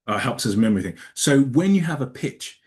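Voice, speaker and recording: A man's voice: medium pitch, very animated, a little fast, darkish tone. Man from Nigeria giving a talk. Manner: conversational, repeats words as he restarts, asks the audience questions. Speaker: conference speaker teaching communication. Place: conference room.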